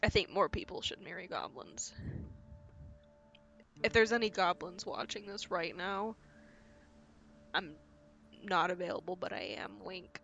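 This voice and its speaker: A woman's voice: on the low side, lively intonation, measured pace, vocal fry, pauses often, a bit bright, lo-fi sound. A woman live-streaming a game, playful and joking, often giggling between her remarks.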